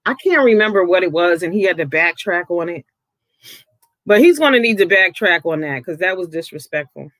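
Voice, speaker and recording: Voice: medium pitch, lively intonation, a little fast, fairly bright tone, no room sound. A vlogger giving outspoken, casual commentary, swearing freely, with the voice jumping up when riled.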